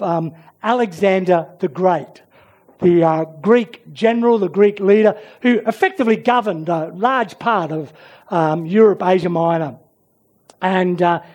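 A preacher delivering a sermon and prayer at an unhurried pace. The delivery is dramatic storytelling that swings between strong emphasis and hushed, near-whispered lines. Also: mid-range voice.

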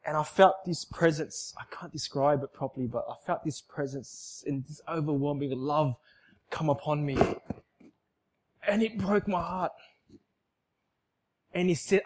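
A man delivers an emotional personal testimony in church with a fairly high voice at a moderate pace. He is emphatic and repetitive, swinging from loud outbursts to soft, hushed lines.

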